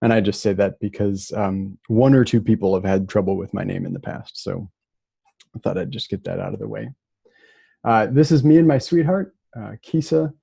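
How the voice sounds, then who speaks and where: A man from Minnesota giving a relaxed, casual lecture remotely, with plenty of fillers and restarts. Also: lowish voice, normal speed, gravelly, husky, no room sound.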